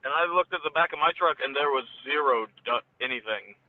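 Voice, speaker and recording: A man's voice: fairly quick, dry recording. A man calling in, telling rambling stories from his day and quoting the people he met. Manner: rambling anecdotes, quotes people in a higher voice. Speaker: caller. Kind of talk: casual storytelling. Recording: tinny phone line.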